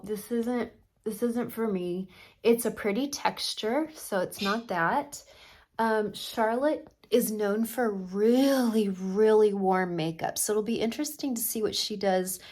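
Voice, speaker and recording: A middle-aged woman chatting through a makeup tutorial as a makeup artist, opinionated and talking while she works. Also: mid-range voice.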